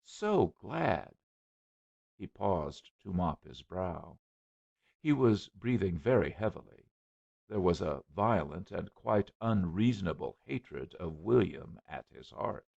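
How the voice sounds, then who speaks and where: A man narrating a storybook in a measured manner, on a dull lo-fi recording. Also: low-pitched, expressive, gravelly, darkish tone, husky. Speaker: audiobook narrator. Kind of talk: scripted narration.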